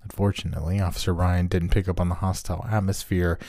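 A man reading a first-person horror story aloud as a scripted narration, in a steady, measured storytelling manner. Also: low voice, dry recording, clean studio sound.

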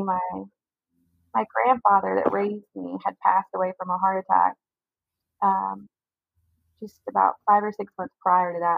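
A woman's voice: mid-range voice, vocal fry, dry recording. A young woman telling a personal story as an interview guest, candid and rambling, with "like" in almost every sentence. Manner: candid, rambling, heavy use of "like". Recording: dry, phone-like narrow sound.

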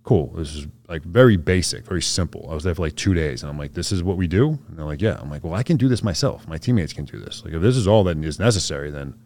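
A man's voice: very deep voice, fast, hardly any pauses, a little mellow. A man, a soldier guest on a podcast, telling a story in a laid-back, slangy way and acting out what others said. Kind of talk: casual storytelling interview.

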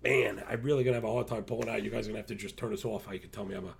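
A man hosting a podcast, talking casually and rambling excitably to his listeners. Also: lowish voice, rapid-fire, gravelly, a little hiss or hum. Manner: rambling, excitable, self-described motor mouth. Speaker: podcast host.

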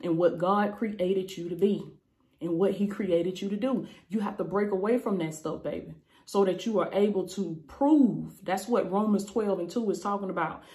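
A woman's voice: mid-range voice, normal speed, a little mellow. A woman preaching an online sermon, fervent and repetitive, calling her listeners baby. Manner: fervent, repeats phrases, calls listeners baby. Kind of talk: YouTube sermon.

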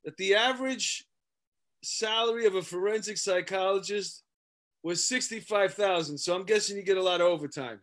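A male co-host ribs his guest with teasing, joking questions in a casual interview. His voice sits high for a man. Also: moderate pace, a bit bright.

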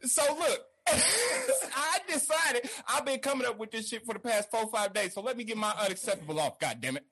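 A man's voice: very high-pitched, very animated, moderate pace, few pauses, pushed and bright, breathy edge. A man co-hosting a podcast, teasing and profane in casual banter. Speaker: podcast co-host.

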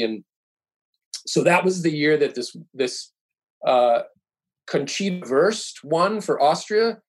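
A man's voice: fairly high pitch, expressive, slow pace, pauses often, poor audio. A middle-aged man, a podcast guest, telling stories in casual chat and rambling through restarts and fillers.

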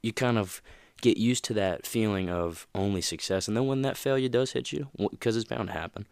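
A man's voice: on the low side, brisk, vocal fry, a little mellow, clean tone, no echo, studio quality. A man hosting a motivational podcast, talking casually with plenty of fillers and restarts. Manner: rambling, lots of fillers and you-knows. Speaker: podcast host.

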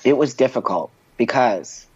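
A man's voice: medium pitch, normal speed, slightly rough, no room sound, dull audio. A trans man speaking as an interview guest, telling his story with feeling, often laughing and acting out what others said. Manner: emotional, animated storytelling with frequent laughs. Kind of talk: candid conversational interview.

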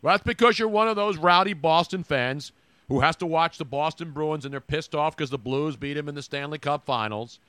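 A man co-hosting a sports podcast, talking in an animated, rambling, teasing way. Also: a little high, fairly quick, clean tone. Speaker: podcast co-host. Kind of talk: casual sports chat.

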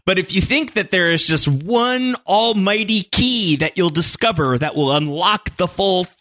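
A man co-hosting a casual chat podcast who talks in an animated, rambling way with many fillers. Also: high-pitched, moderate pace. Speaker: podcast co-host.

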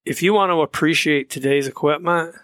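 A man's voice: on the high side, brisk, a bit bright, no echo, clean studio sound. An American man co-hosting a podcast, speaking earnestly to listeners. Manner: earnest, advising tone. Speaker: podcast co-host. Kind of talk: casual chat.

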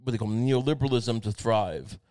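A man in a casual, profane, rambling rant, full of fillers and restarts, who bursts into loud mocking quoted outbursts. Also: medium pitch, a little fast, dry recording, studio quality. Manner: acts out mocking quoted rants in a raised voice.

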